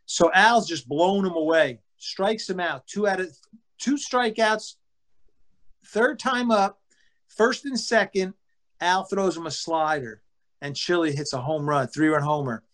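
This retired baseball pitcher keeps a measured pace while telling laid-back stories. He animates them by acting out teammates' words, cursing now and then without a second thought.

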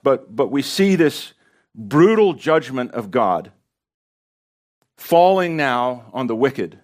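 An impassioned male pastor delivering a sermon in a church sanctuary. He speaks at a medium pitch and presses rhetorical questions on the congregation, swinging between quiet, earnest stretches and forceful emphasis. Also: very animated, takes it slowly.

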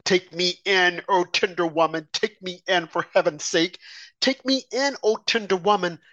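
A man's voice: high-pitched, moderate pace, sharp tone, muffled recording. A man reading aloud the pleading refrain of a sly, ungrateful male snake in a poem, in a sing-song way.

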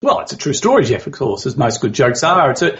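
A man's voice: mid-range voice, sing-song, fast, fairly bright tone, highs cut off. A man, a podcast guest telling a story with easygoing dry humour. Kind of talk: casual podcast interview, joke telling.

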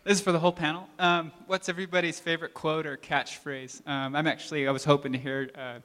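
A man's voice: on the high side, level tone, fast talker, a bit bright, long reverb tail. Hesitant man asking from the audience. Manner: hesitant, with fillers. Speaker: audience member asking a question.

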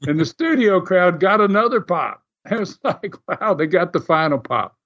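A man telling stories in a casual, animated way, laughing often and acting out what others said. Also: sits high, moderate pace. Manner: animated, laughs often, acts out quoted voices. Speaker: guest recounting wrestling TV history. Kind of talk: casual storytelling. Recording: muffled lo-fi audio.

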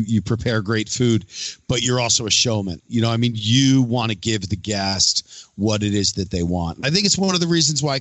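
A man's voice: medium pitch, a bit bright, dry recording. A man hosting a casual conversation, rambling with restarts and sarcastic asides. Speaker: podcast host. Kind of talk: casual chat.

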